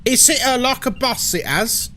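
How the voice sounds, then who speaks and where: A man's voice: very high-pitched, lively intonation, normal speed, pushed and bright, slight background noise, pitched above the performer's own voice, exaggerated voice. A man with a London accent voicing a gossipy elderly nan from London who fusses and repeats her sympathetic phrases.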